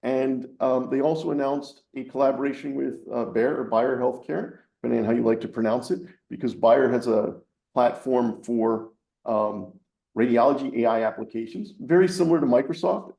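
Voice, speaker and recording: A man's voice: mid-range voice, moderate pace, vocal fry, dark tone, reverberant. A man giving a webinar answer as keynote speaker, hesitant with many ums.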